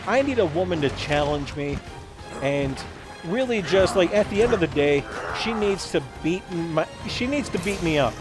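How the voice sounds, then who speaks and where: A man hosting a gaming video, telling a rambling, absurd story in a deadpan way and acting out quoted lines in voices. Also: high voice, moderate pace, over music. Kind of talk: rambling comedic monologue while gaming.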